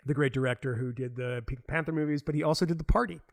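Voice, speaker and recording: A man's voice: a little high, quick pace, gravelly, no room sound, studio quality. A man hosting a podcast, rambling in casual chat with many fillers. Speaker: podcast host.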